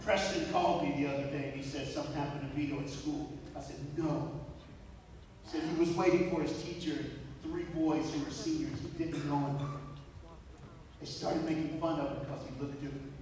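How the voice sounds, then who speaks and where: A man's voice: fairly high pitch, steady tone, brisk, noisy background. A man giving a motivational talk to students in a large school gym, telling stories with animation and talking straight to the kids. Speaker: motivational speaker. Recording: echoey gym heard from far off.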